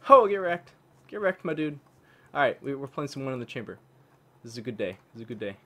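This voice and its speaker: A man casually commenting on his own online shooter match, excitable and trash-talking, dropping to mutters and jumping to yells. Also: medium pitch, fast. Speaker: gaming YouTuber.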